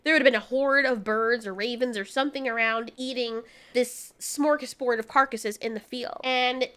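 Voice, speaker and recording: A woman's voice: a little high, steady tone, moderate pace, fairly bright tone, smooth. A woman giving a casual spoken movie review, sarcastic and exasperated, laughing through her asides.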